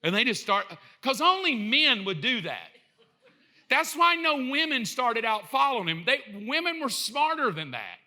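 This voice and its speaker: A pastor with a drawl tells a joking, animated sermon story. His voice sits high for a man and rings very bright and sharp. He keeps slipping into other people's voices to act out the scene. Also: measured pace.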